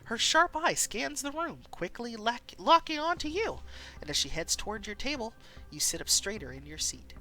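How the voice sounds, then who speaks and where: A woman's voice: on the high side, very animated, moderate pace, pushed and bright. A woman streamer reading an interactive story game aloud, taking viewer votes and exclaiming often.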